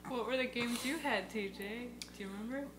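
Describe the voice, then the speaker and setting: A woman's voice: a little high, brisk, fairly bright tone. A young woman in a casual chat about video games, making brief, offhand remarks. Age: young adult. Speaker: guest.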